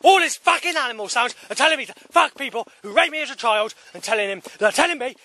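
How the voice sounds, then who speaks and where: A man in a furious, yelling rant, swearing heavily as he loses his temper. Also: very high-pitched, animated, fast, hardly any pauses, no echo. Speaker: vlogger. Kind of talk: shouted rant.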